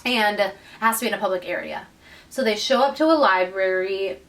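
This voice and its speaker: A woman's voice: mid-range voice, fairly quick, far from the mic, rough recording. A woman co-hosting a podcast, casually retelling a book's plot and acting out the characters' lines. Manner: animated storyteller, acts out characters' lines. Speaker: podcast co-host.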